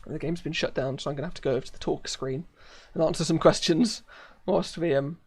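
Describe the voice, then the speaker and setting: A man's voice: fairly high pitch, fairly even intonation, fairly quick, a little mellow, slightly rough. A man with a British accent chatting casually while live-streaming a game, rambling with many fillers and frequent laughs. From United Kingdom.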